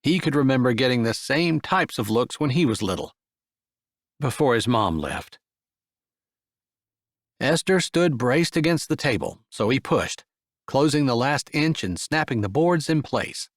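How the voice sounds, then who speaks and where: Expressive male audiobook narrator. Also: medium pitch, a little slow, no echo, studio quality. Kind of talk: scripted narration.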